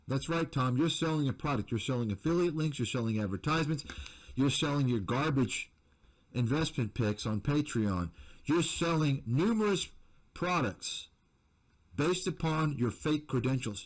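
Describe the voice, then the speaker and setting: A man's voice: medium pitch, rough recording. A man, an investment commentator, delivering a combative, repetitive rant to his viewers. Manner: combative, repetitive, name-calling.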